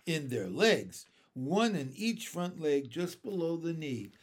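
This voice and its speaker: A man voicing a gentle old grasshopper. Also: fairly high pitch, sing-song, slow pace, breathy edge, full character voice. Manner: kindly, lecturing, proud. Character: old green male grasshopper, gentle and wise.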